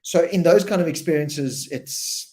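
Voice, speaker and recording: A man hosting a casual live-stream chat, talking in a loose and animated way and often repeating words as he tells a story. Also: on the high side, a little slow. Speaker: host.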